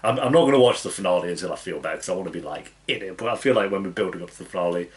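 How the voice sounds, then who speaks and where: Low croaky-voiced man chatting. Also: lively intonation, very fast. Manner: chatty, rambling, laughs often. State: cough, dry croaky voice. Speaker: reaction video host. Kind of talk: casual chat to camera.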